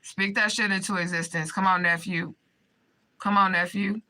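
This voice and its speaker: A woman's voice: mid-range voice, fairly even intonation, moderate pace, bright, forceful tone, rough recording. Impassioned, profane woman ranting to camera. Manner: profane, emphatic, repetitive; impassioned, pleading. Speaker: vlogger addressing viewers. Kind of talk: direct-to-camera rant.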